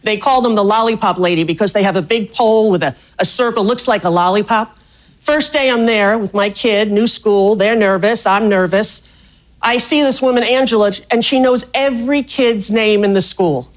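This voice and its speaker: A middle-aged woman from New York City telling stand-up stories, chatty and animated, on a live stage. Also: mid-range voice, moderate pace. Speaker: stand-up comedian. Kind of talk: stand-up comedy set. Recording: live stage with loud laughing crowd and room noise.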